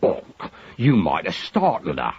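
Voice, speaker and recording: Gruff cockney manservant, a guy doing the voice, husky, grumbly, swoops high and low, dull lo-fi sound. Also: huge pitch swings, measured pace, darkish tone, full character voice. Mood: truculent. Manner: grumbling, defensive, slangy. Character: truculent middle-aged Cockney manservant, grumbling. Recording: dull lo-fi recording.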